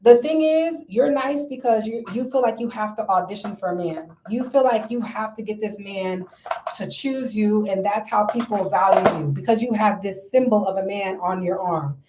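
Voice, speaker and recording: A woman's voice: mid-range voice, normal speed, noisy background. A young woman vlogger giving casual dating advice in a sassy, emphatic way, often calling the viewer girl.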